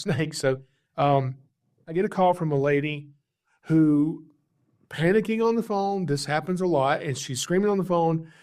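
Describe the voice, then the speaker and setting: A man with a somewhat high-pitched voice tells stories from his job as a snake catcher. He talks casually and with animation, dropping in chuckles and acting out the voices of his callers. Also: darkish tone. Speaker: podcast host, snake catcher. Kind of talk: casual storytelling.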